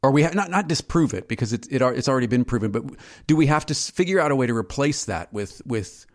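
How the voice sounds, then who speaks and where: A man's voice: mid-range voice, expressive, fast talker. A man co-hosting a podcast, musing aloud in casual talk and asking follow-up questions. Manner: reflective, asks follow-up questions. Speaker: podcast co-host. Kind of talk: casual conversation.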